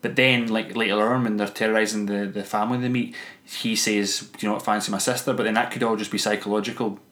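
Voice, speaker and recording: Young man, podcast co-host, rambling casual film talk, swears freely, rapid pace, echoey room. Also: fairly low pitch, flat delivery, a bit bright.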